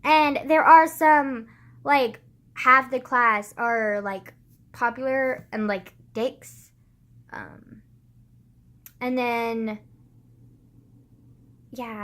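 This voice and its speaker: A woman's voice: a little high, fairly even intonation, slow pace, a bit bright. A teenage girl vlogging in casual chat, filling her talk with "like", sighing often and swearing bluntly. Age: teens. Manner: heavy use of "like" as filler, frequent sighs, blunt swearing.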